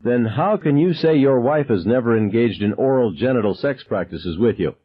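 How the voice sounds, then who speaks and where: A man voicing a frantic teenage gunman who shrieks his questions in high, shrill bursts. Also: lively intonation, normal speed, breathy edge. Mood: shrill, menacing. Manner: high, shrill interrogating shouts. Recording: dull lo-fi sound.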